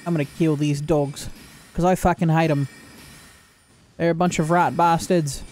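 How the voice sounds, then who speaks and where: A man giving casual gameplay commentary, joking, swearing and reacting loudly to the game. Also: fairly high pitch, fairly even intonation, normal speed, long pauses. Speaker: gaming video creator.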